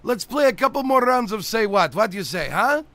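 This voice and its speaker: A man's voice: sits high, very animated, a little fast, a bit bright, heavily acted. A man playing a boastful, teasing 212-year-old theme-park host who runs a comedic game show. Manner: brash, teasing, theatrical.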